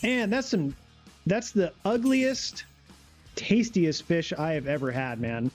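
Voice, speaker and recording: A man's voice: fairly high pitch, slow pace, soft background music. A man streaming a game live, chatting casually in a laid-back, rambling way and reading chat aloud.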